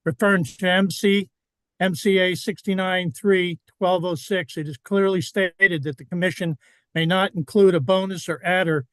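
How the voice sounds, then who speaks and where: A man's voice: sits high, steady tone, normal speed, clear, resonant tone, no room sound. Firm man reading a statement, dry sound. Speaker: state representative. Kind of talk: prepared public comment.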